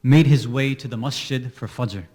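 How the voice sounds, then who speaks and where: A man giving a religious sermon, telling a mournful story and rising into high, emotional wailing. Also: normal speed, a little mellow. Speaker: speaker at an Islamic center. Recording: long hall reverb.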